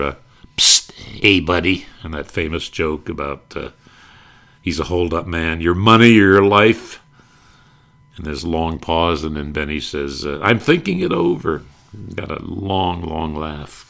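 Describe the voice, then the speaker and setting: Older man, very low gravelly voice, fond rambling reminiscer. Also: a bit bright. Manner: fond, rambling, breaks into quoted catchphrases. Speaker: radio nostalgia speaker. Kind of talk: reminiscing talk with brief impressions.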